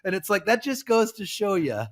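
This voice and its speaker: A man co-hosting a podcast, telling stories in a lively, casual and profane way. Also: sits high, moderate pace. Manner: animated storyteller, casual and profane. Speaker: podcast co-host.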